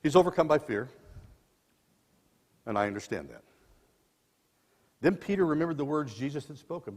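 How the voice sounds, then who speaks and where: A man in his sixties preaching a sermon as dramatic storytelling, swinging between loud and soft passages, in a church sanctuary. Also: a little high, expressive, moderate pace, pauses often. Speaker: lay preacher. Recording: long church reverb.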